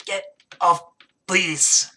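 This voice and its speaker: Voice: mid-range voice, steady tone, drawn-out words, sharp tone, slight background noise. The game master voicing a small, scared male kobold who squeals and talks in short, broken phrases. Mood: confused, pleading.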